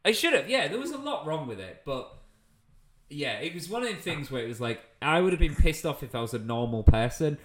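A young man chatting over a video call, telling animated stories and laughing often. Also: a little high, a little fast. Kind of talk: casual chat.

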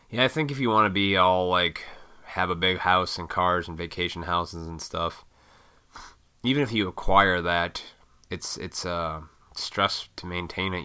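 A man's voice: low voice, pushed and bright, smooth. A man in his thirties ranting casually, rambling and swearing a lot as he gives his opinions. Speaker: vlogger. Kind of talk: casual rant.

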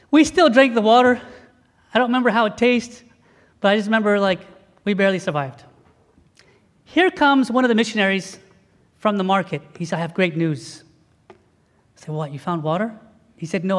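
High-voiced priest preaching in a reverberant hall. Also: male voice. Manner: animated storytelling, acting out dialogue. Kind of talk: sermon.

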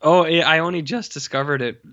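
A man speaks with a fairly high, slightly fast voice that sounds pushed and bright, though the audio is dull. He co-hosts a casual film review podcast on his own mic with a mute, rambling and swearing, and he slips into mocking voices when quoting people.

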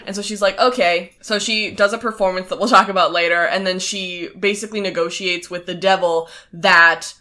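A bright, crisp-toned woman talks through a show's plot at a brisk, chatty clip. She co-hosts a casual podcast and slips into quick deadpan voices for the characters. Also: lowish voice. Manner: quick, chatty plot summary with flat quoted lines. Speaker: podcast co-host. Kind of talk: casual recap chat.

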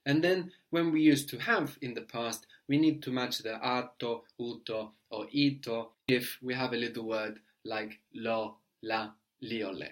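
A man teaching a language lesson, explaining patiently step by step and checking understanding with a quick "no?". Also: medium pitch.

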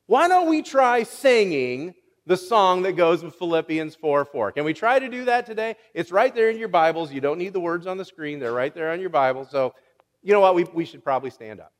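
A man's voice: high-pitched, expressive, brisk. A man preaching a sermon as pastor, playfully teasing his congregation and often repeating words as he restarts a phrase. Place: church sanctuary. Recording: long hall reverb.

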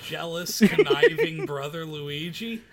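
A man with a gravelly, fairly high voice tosses out deadpan, edgy one-liners. His pitch moves a lot as he talks. Others chatter around him. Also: unhurried. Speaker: podcast co-host. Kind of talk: casual group chat.

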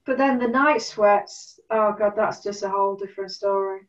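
A middle-aged woman telling stories in a casual chat, animated, acting out what people said. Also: mid-range voice, normal speed. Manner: animated storyteller, acts out quotes. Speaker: guest. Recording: distant, roomy, dull sound.

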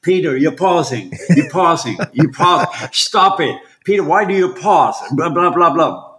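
Man impersonating a film director, shouting, impatient, raised pitch, echoey room. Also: lively intonation, a little slow. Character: yelling demanding male film director.

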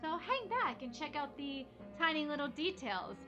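A woman with a high voice hosting a casual conversation. She is upbeat and steers the talk with friendly tips. Clear music plays behind her. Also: big pitch swings, moderate pace, highs cut off. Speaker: podcast host. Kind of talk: casual chat with guided narration.

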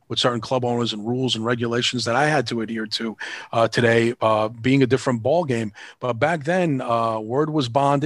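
A man's voice: medium pitch, no echo, clean studio sound. A man, telling stories in a casual interview in a rambling, frank and profane way, acting out the people he quotes. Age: 50s. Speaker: band manager and promoter.

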